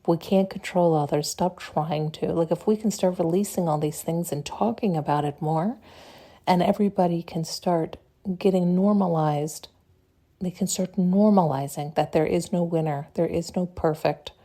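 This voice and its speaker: Blunt, mellow-voiced woman podcaster. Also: fairly low pitch. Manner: blunt, swears freely, laughs often, acts out quoted dialogue. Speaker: podcast host. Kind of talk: casual solo podcast monologue.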